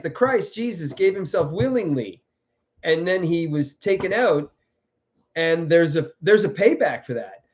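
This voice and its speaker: A man hosting a live stream, talking in a meandering, halting way with many fillers and repeated words. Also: on the high side, lo-fi sound. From French background. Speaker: livestream host. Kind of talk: rambling live-stream monologue.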